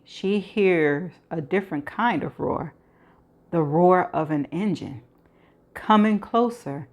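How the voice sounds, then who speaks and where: A woman reading a thriller novel aloud in steady narration with occasional stumbles and restarts. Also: lowish voice. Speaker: audiobook reader.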